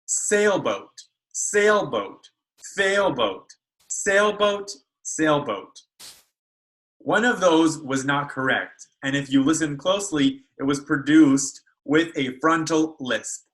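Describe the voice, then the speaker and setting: A man's voice: a little high, slow pace, low-quality recording. A man speech therapist teaching children how to make speech sounds in a video lesson, carefully modeling each sound. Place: school.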